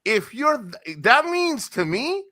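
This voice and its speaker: A man's voice: very high-pitched, big pitch swings, bright, forceful tone. A man ranting angrily at someone, cursing heavily and dragging out words as he heats up. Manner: heated, profane, repeats insults, drawn-out words. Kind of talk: angry profane rant to camera.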